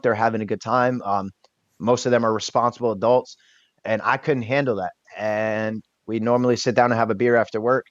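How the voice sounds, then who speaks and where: A man's voice: medium pitch, no room sound, highs cut off. A man in his thirties, a podcast guest telling an emotional personal story in a candid, casual way, swearing now and then.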